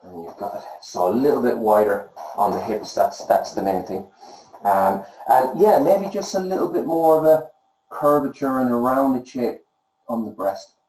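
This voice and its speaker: A man giving gentle, encouraging feedback on student drawings as an art tutor, pausing often with fillers. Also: mid-range voice, expressive, roomy sound, a little hiss or hum, poor audio.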